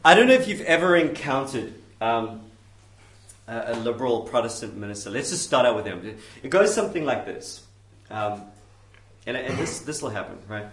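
Animated preacher. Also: male voice, medium pitch, moderate pace. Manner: animated, jokey, conversational. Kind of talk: sermon. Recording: roomy, distant mic, faint ambience.

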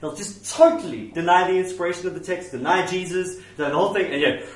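A man preaching a sermon in an animated, jokey, conversational way, heard in a roomy hall from a distant mic. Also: high-pitched, a little fast.

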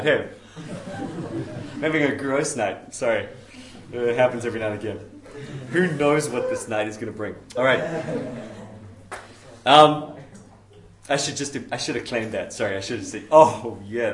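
A man preaching a sermon in an animated, jokey, conversational way, heard in a roomy hall from a distant mic. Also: medium pitch, measured pace, long pauses, a crowd in the background.

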